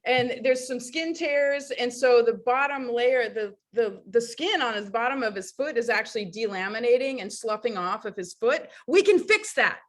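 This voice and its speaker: A woman guest telling lively, laughing stories about foot care over a video call. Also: on the high side, normal speed, few pauses. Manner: lively, laughing, animated storyteller. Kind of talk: casual storytelling on a video call.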